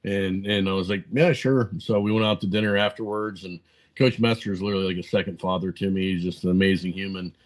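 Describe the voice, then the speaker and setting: A man in his forties with a low, fairly flat voice, talking as a podcast guest. He rambles through anecdotes, full of "uh" and "um", and acts out both sides of old conversations. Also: quick pace, poor audio. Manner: rambling anecdotes full of fillers and quoted dialogue. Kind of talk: casual storytelling interview.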